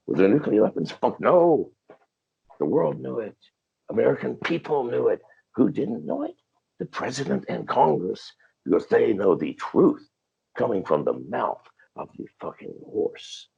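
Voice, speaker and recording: Older man, extremely low gravelly voice, husky, swearing and defiant, dull lo-fi call audio. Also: big pitch swings, a little slow. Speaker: interview guest. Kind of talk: profane storytelling interview. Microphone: video call.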